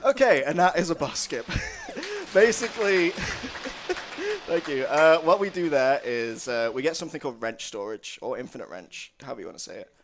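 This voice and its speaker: A man's voice: a little high, huge pitch swings, moderate pace. A man commentating his own speedrun in a casual, jokey way, laughing often. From United Kingdom. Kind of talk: casual live commentary on a game run.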